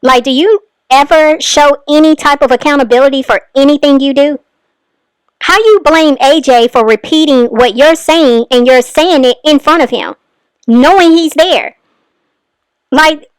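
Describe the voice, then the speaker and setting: A woman's voice: high-pitched, a little slow, no echo. A woman host giving exasperated, scolding commentary on a clip. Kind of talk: reaction commentary.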